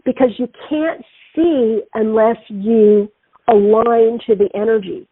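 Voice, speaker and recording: Husky-voiced woman on a tinny phone line. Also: fairly high pitch, slow, dry recording. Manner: animated, acts out quoted voices. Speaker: radio show host. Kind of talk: spiritual talk-show monologue with storytelling.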